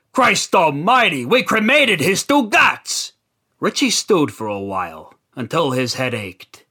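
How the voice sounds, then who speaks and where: Man reciting rhyming verse, slow deliberate pace, lively pitch, theatrical. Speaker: storyteller. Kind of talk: rhyming dark comic verse narration.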